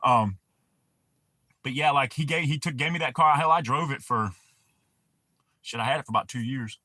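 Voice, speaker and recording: A man's voice: medium pitch, moderate pace, sharp tone, no echo. A man hosting a livestream, telling profane, rambling stories in casual talk and answering his chat. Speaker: livestream host.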